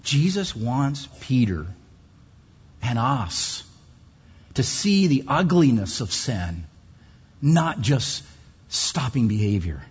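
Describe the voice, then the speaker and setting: A man preaching a sermon in an emphatic way, his pitch swinging widely, with long pauses. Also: breathy edge. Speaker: pastor. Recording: muffled hall recording.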